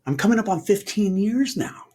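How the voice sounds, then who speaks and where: A middle-aged man tells a personal story as a podcast guest, animated and quick to laugh, acting out the voices of the people he quotes. His pitch sits fairly high and swings widely. The tone is husky and slightly rough. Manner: animated, laughs often, acts out quoted dialogue. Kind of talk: storytelling in a casual interview.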